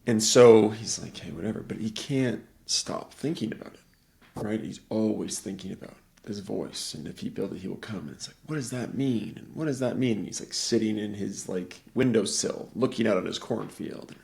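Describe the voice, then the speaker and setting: A man's voice: on the low side, moderate pace, vocal fry, darkish tone. A middle-aged man in casual conversation, telling a rambling story and acting out the voices of the people in it.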